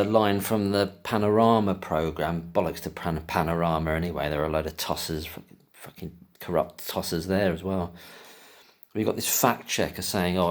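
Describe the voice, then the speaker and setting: A man in an angry solo rant, agitated and sweary, stumbling over restarted words in rapid outbursts. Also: sits low. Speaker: commentator.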